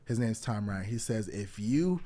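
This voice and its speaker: Animated young man telling stories. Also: on the low side, normal speed. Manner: animated storyteller acting out quoted dialogue, many fillers. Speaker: guest, wrestling coach. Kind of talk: casual interview storytelling.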